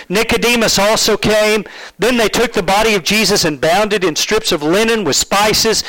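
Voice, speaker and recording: A man preaching a sermon, retelling a Bible story in a storytelling manner, asking the listeners questions and dropping to hushed tones. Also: sits high, no room sound, rough recording.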